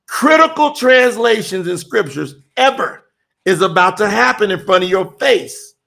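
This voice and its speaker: A middle-aged man with a high, gravelly voice teaching scripture. He talks in an emphatic, preacherly way, often raising his voice to act out the lines he quotes. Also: fairly bright tone. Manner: emphatic, preacherly, dramatic quoting. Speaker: teacher and telethon host.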